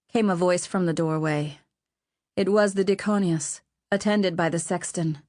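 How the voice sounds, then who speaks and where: A woman narrating an audiobook in a slow, measured, even way. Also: on the low side, no echo, studio quality.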